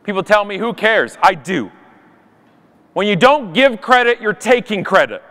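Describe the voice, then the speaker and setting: A man's voice: sits high, expressive, moderate pace, a bit bright. A man giving a comedic, sarcastic keynote talk at a conference, telling stories with punchy timing. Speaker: conference speaker. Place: large conference hall. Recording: live hall reverb.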